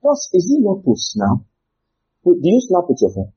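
Husky animated Nigerian preacher man. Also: sits high, normal speed. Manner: animated, rhetorical questions, bursts of shouting. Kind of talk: sermon. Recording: dull lo-fi recording.

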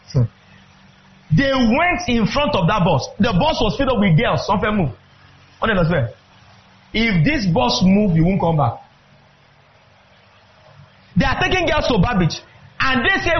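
A man preaching a fervent sermon, breaking into shouts and drawing out words for emphasis. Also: very high-pitched, dull audio, a little hiss or hum.

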